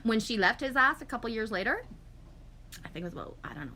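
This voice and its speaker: Talking fast in a slightly high voice, a woman in her forties chats on a livestream over a little hiss or hum. She reads viewer comments and rambles through animated tales, swearing and acting out quotes as she goes.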